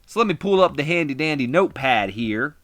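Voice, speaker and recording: A man voicing a brash, cocky male wrestler cutting a loud, taunting ring promo. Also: fairly high pitch, lively intonation, a little fast, no echo, pitched above the performer's own voice. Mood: defiant.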